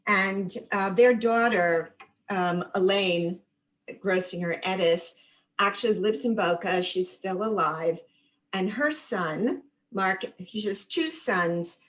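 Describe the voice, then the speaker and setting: A woman's voice: medium pitch, poor audio. An older woman from the Catskills in New York, speaking up from the audience in a casual, chatty way and recounting detailed memories. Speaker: audience member commenting. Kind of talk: casual chat.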